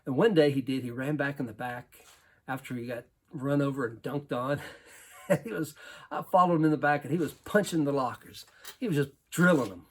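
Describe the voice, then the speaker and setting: A basketball coach telling a lively personal story to an audience, laughing often as he goes. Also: mid-range voice, a little fast, breathy edge. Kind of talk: storytelling talk.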